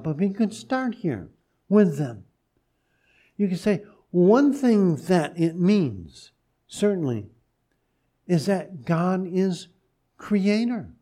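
Guy pastor giving a sermon, real slow and careful, warm soft tone, keeps restarting his sentences. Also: high-pitched. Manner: slow, gentle and deliberate, with many pauses and restarts.

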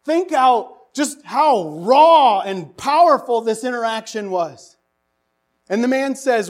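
A man preaching a sermon, animated and asking the congregation rhetorical questions, his voice rising to near-shouts for emphasis. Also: very high voice, takes it slowly. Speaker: pastor.

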